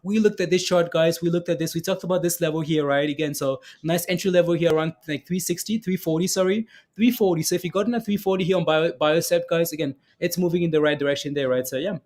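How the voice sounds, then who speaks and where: A man's voice: on the high side, fast talker, hardly any pauses, darkish tone. A man giving casual live-stream commentary on stock charts, chatty and repetitive, often asking "right, guys?" and reading viewer comments aloud.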